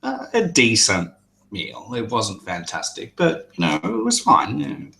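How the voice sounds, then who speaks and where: A man narrating a tabletop game as game master, hesitant and halting. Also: medium pitch, wildly swooping pitch, gravelly, pushed and bright. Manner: hesitant, many fillers and restarts.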